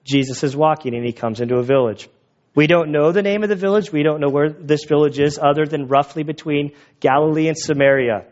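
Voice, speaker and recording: A man delivering a sermon with a somewhat high-pitched voice, talking casually and with animation as he retells a story. The recording sounds a little dull and lo-fi. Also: fairly quick. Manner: conversational, animated retelling with acted quotes. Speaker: pastor.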